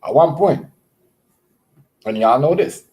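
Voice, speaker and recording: A man hosting a casual livestream, rambling with many fillers and repeated words, giving shout-outs to viewers. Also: a little high, expressive, takes it slowly. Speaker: livestream host.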